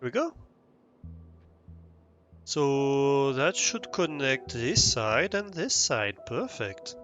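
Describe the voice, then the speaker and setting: A man's voice: medium pitch, sing-song, slow, a bit bright, faint music behind. A man streaming a building game, chatting casually and laughing at his own mistakes as he plays. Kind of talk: casual gameplay chat.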